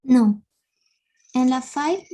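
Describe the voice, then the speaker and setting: A woman's voice: high-pitched, expressive, slow pace, mellow, rough recording. A woman whose first language is Spanish, practicing as a student in an English lesson, hesitant and repeating phrases.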